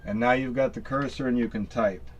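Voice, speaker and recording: A man's voice: medium pitch, steady tone, fairly quick, dull audio. A man casually talking through a screen-recorded tech walkthrough, rambling and folksy, full of fillers and restarts. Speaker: tech tutorial maker.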